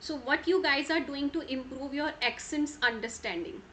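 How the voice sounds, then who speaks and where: A woman's voice: high voice, normal speed, a bit bright, a little hiss or hum. A woman with an Indian English accent teaching an online exam-prep class, calling on students by name and slipping into Hindi. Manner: repetitive, checks in with students by name; switches into Hindi mid-sentence. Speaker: IELTS trainer.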